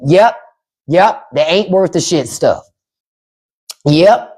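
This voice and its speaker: A woman in her fifties talks straight to her livestream viewers, blunt and profane, with laughing asides. Her pitch swoops widely up and down on a slightly low voice. She slips into put-on voices to quote her mother and grandmother. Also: big pitch swings, normal speed, pauses often, mellow. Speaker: podcast host on a livestream. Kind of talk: casual livestream storytelling. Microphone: phone or webcam livestream mic.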